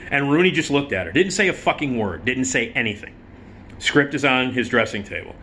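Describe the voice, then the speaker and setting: A middle-aged man telling a theater anecdote in a casual, profane, animated style. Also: mid-range voice, a little fast, a little hiss or hum. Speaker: vlogger and storyteller.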